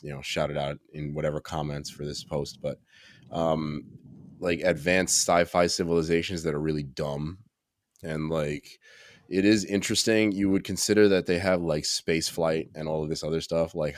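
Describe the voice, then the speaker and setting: A man's voice: a bass voice, level tone, moderate pace, no echo, studio quality. A man co-hosting a podcast in casual chat, wandering into asides and correcting himself as he goes. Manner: meandering, self-correcting asides. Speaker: podcast co-host.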